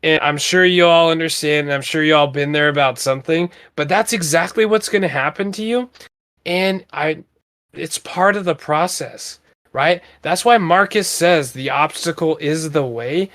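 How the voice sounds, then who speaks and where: A man's voice: on the high side, normal speed, fairly bright tone. A man in his thirties co-hosting a podcast, talking in an earnest, rambling way with lots of fillers. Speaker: podcast co-host. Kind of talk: casual motivational talk.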